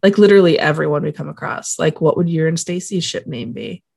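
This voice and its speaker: A woman co-hosts a podcast and tells the story of an episode in a playful way. Her pitch swings widely as she talks, and she is quick to laugh. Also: expressive, gravelly, a little mellow, breathy edge, dry recording, clean studio sound. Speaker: podcast co-host. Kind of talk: casual chat.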